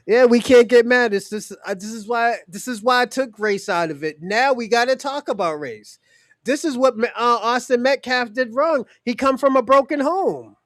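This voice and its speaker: A man's voice: extremely high pitch, animated, unhurried, fairly bright tone, no echo, clean studio sound. A man hosting a podcast who gives blunt, profane opinions in casual talk and speaks straight to his co-hosts. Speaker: podcast host.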